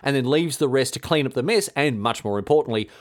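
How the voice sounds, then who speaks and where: Male host, mid-pitched, irreverent casual history storytelling. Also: expressive, quick pace. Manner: irreverent, slangy, many fillers.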